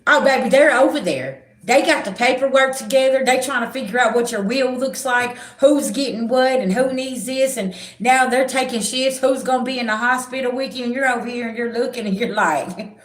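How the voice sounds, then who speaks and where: A woman's voice: fairly high pitch, fairly quick, reverberant. A middle-aged woman, a spiritual reader, talking bluntly and animatedly in a casual livestream chat, swearing freely.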